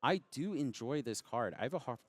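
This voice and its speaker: A man's voice: mid-range voice, lively intonation, a little fast, dry recording. A man giving conversational, analytical color commentary on a card game tournament, drawing on his own play.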